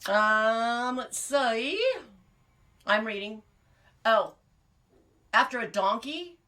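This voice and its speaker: A woman's voice: a little high, very slow, pushed and bright. A woman hosting a casual livestream from her ranch, chatting with viewers and telling rambling stories full of restarts. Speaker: livestream host.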